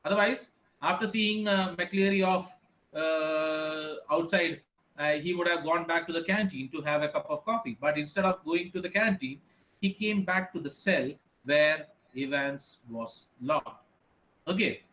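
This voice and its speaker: Man, online teacher, high voice, reads the story then explains it with lots of uhs. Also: a little slow, fairly bright tone, reverberant, low-quality recording. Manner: reads passages then explains with many fillers.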